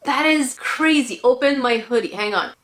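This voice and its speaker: A woman hosting a craft video, chatting casually and excitedly as she unboxes, then delivering a salty product review from her home craft room. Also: sits high, moderate pace. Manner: gushing, excitable, gasps and laughs. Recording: echoey room.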